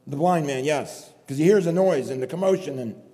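A man's voice: a little high, fairly quick, mellow. A man preaching a sermon in a church, pleading and impassioned, repeating his phrases for emphasis. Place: church hall. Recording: long hall reverb.

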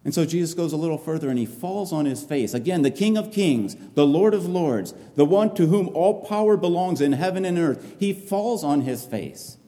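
A man's voice: on the high side, expressive, a little fast, few pauses, warm tone. A man preaching a sermon, impassioned and repeating phrases for emphasis. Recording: long reverb of a large hall.

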